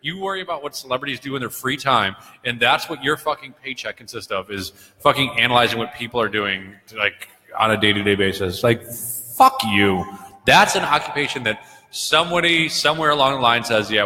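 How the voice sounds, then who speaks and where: A man co-hosting a casual pub podcast, talking in a profane, rambling, animated way. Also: medium pitch, fairly quick. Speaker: podcast co-host. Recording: long hall reverb.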